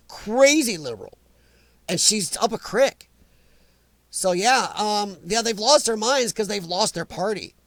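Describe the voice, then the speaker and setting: Answering his viewers one by one by name, this US livestream chat host rambles and speaks emphatically in a casual, opinion-heavy way. He has a high, fairly bright voice, and there's no room sound.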